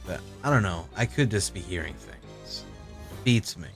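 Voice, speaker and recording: A man's voice: sits low, expressive, measured pace, faint music behind. A man hosting a let's play, chatting in a playful, joking way. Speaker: host. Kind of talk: casual let's-play chat.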